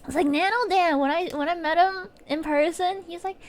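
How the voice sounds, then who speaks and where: A woman's voice: very high-pitched, normal speed, hardly any pauses. A woman streamer chatting casually, rambling and giggling, with lots of fillers and restarts. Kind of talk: casual chat while streaming. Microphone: desk mic.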